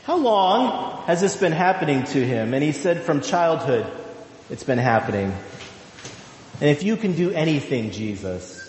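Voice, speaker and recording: Guy preaching a sermon, slow and emphatic, voice a bit high, big echoey church. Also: very animated, a little mellow. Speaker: pastor. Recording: echoey hall.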